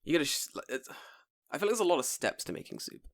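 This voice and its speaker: A man's voice: a little high, fast, no echo. A young man co-hosting a podcast, chatting casually and swearing often. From United Kingdom. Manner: animated, swears a lot, laughs often. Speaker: podcast co-host. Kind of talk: casual chat.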